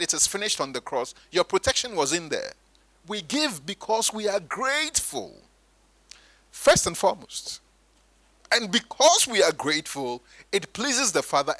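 Guy preaching, high pitched, bright, close dry mic. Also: normal speed, no echo, low-quality recording. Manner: animated, mimics churchgoers in high voices. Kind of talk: sermon.

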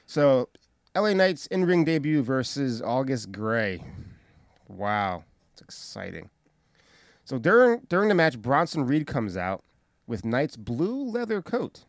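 A man's voice: medium pitch, big pitch swings, a little slow, dry recording, studio quality. A man co-hosting a casual wrestling recap podcast, swearing freely as he retells the show. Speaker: podcast co-host.

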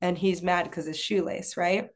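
A woman's voice: lowish voice, fairly even intonation, normal speed. A woman co-hosting a casual talk, speaking in a chatty way with many fillers and restarts. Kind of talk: casual chat.

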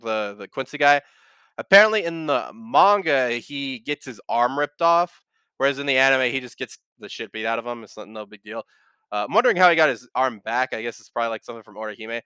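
A man's voice: mid-range voice, animated, fairly quick, sharp tone, clean tone, no room sound. A man hosting a podcast, chatting casually and rambling with frequent restarts and fillers, swearing now and then. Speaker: podcast host. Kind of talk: casual chat.

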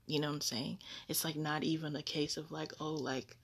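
A woman's voice: deep voice, flat delivery, a little fast. A woman hosting a casual religious podcast, rambling with many fillers and a disbelieving tone. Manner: grows incredulous and laughing, repeating "what?". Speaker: podcast host.

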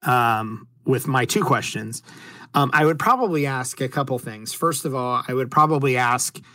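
Reflective American podcast host, dry mic. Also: male voice, medium pitch, sharp tone, no echo. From United States. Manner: reflective, measured, with filler ums. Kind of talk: casual podcast chat.

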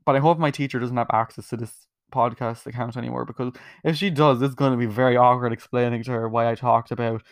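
A man's voice: mid-range voice, steady tone, fast, few pauses, no room sound, studio quality. A young man hosting his own podcast, rambling casually, swearing freely and putting himself down, with lots of "like" fillers. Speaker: podcast host. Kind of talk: casual solo podcast monologue.

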